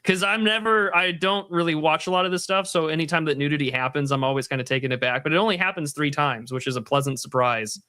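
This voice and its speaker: A man's voice: fairly high pitch, fast, few pauses, pushed and bright, clear, resonant tone, dry recording. A man co-hosting a podcast in casual chat, blunt and wry. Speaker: podcast co-host.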